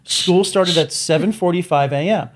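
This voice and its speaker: A man's voice: high-pitched, moderate pace, noisy background. Chatty man telling stories. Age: 40s. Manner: chatty storyteller, laughs at his own jokes. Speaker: podcast co-host. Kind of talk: casual chat.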